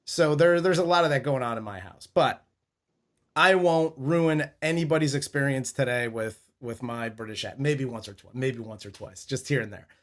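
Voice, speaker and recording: A man's voice: mid-range voice, moderate pace. A man hosting a movie review podcast in a laid-back, joking casual chat. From United States. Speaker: podcast host.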